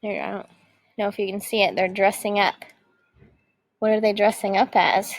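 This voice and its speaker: A woman teacher reading a picture book aloud with lively expression. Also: mid-range voice, moderate pace, rough recording.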